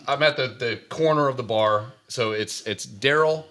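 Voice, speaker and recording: A man's voice: medium pitch, moderate pace, pushed and bright. A man in his forties telling blunt, crude stories as a podcast co-host. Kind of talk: casual chat.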